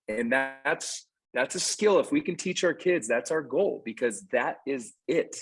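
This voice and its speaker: A man's voice: mid-range voice, lively intonation, moderate pace, hardly any pauses, husky, rough recording. A man co-hosting a casual podcast, an earnest youth baseball coach telling stories with emphatic repeats.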